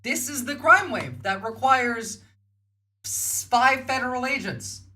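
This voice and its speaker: A woman's voice: high-pitched, expressive, takes it slowly, bright, forceful tone. A woman, giving blunt, heated livestream commentary and swearing freely. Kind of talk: casual reaction commentary.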